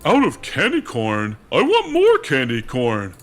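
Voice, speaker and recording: An actor playing a dim, hungry candy-eating monster who talks slowly and simply. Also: male voice, medium pitch, wildly swooping pitch, fairly bright tone. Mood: dopey. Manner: slow, simple-minded.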